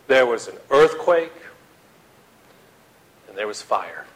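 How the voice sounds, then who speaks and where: A man preaching a sermon to his congregation, swinging from loud dramatic outbursts to hushed appeals and acting out the quotes he reads. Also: mid-range voice, very animated, slow pace, low-quality recording. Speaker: pastor.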